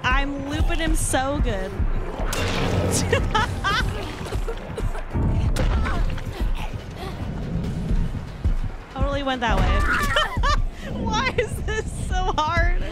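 A young woman streaming a game, chatting casually with her viewers, excitable and dramatic, laughing often. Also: high-pitched, a little slow, few pauses, over loud music, a loud crowd. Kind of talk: casual gameplay commentary.

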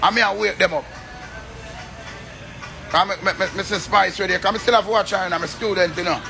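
A man's voice: high voice, fairly even intonation, a little fast, creaky, bright, forceful tone, soft background music, some chatter behind. A man with a Jamaican accent, rambling and swearing in a casual rant to his viewers. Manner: rambling, repetitive, swears often.

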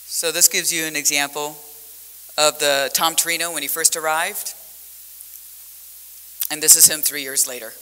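Woman academic on a conference panel, bright and lively, acting out the dialogue, with long hall echo. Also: deep voice, moderate pace, pauses often. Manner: animated storytelling, acts out dialogue, laughs often. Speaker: university professor on a conference panel. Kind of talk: conference talk with slides.

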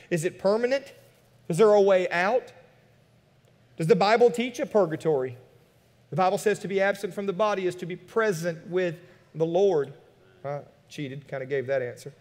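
A male pastor preaching a sermon in a church, animated, firing rhetorical questions and dropping into quiet asides. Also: sits high, long reverb tail. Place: church sanctuary.

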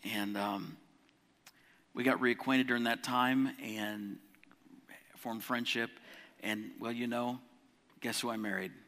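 Bright-voiced preacher in a reverberant hall. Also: male voice, steady tone, takes it slowly, long pauses. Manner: preaching with rising volume on scripture, dropping low for personal stories. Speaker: pastor. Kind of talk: sermon. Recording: long reverb of a church hall.

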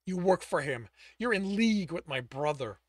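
A man playing a tormented young man from a storybook, desperate and possessive. He pleads and growls in a raised, lively voice that rises sharply, recorded dry and close. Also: sits high, normal speed, no echo. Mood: anguished. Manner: pleading, anguished.

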